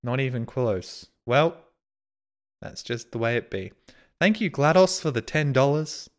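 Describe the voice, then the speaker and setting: A man's voice: medium pitch, expressive, a little slow. A man streaming live, reading out viewer donations and messages in casual, self-mocking, sarcastic banter.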